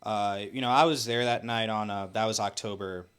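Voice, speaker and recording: A man's voice: on the low side, moderate pace, a bit bright, clean tone. A man from Milwaukee, a guest in an interview, telling events in an earnest way with many fillers and restarts. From Milwaukee, Wisconsin. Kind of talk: casual interview talk.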